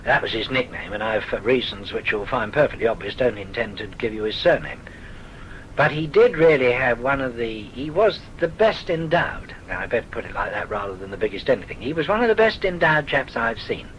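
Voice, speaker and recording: A man's voice: mid-range voice, expressive, a little fast, a bit bright, highs cut off, slight background noise. An older man with a southern English accent, genteel and wry, telling his memories for a recorded oral history. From south of England. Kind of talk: recorded reminiscence.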